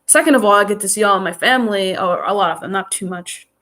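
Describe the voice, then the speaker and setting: Talking fast in a pushed, bright voice, this New Yorker chats her way through a laid-back live stream while her runny nose leaves her sounding stuffy. Her thoughts wander and restart, looping back on fillers, and her pitch stays in a woman's middle range.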